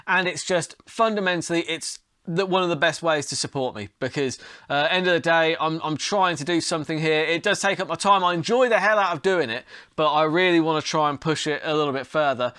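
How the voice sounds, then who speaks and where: A man hosting his own podcast, his voice pitched a little high and sharp with a forceful edge. He talks in a loose, rambling way and swears freely when he gets heated. The sound is close and dry. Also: fairly quick, hardly any pauses, clean tone, no room sound. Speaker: podcast host. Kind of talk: solo podcast monologue.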